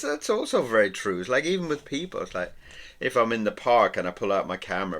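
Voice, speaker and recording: A man chats away as he sketches, his speech wandering and often dropping to a near-murmur. His voice sits a little low but has a bright, forward edge. The tone is relaxed and unscripted. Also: fast. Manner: chatty and meandering, often trailing off into a soft murmur. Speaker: artist and vlogger. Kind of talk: casual narration while drawing.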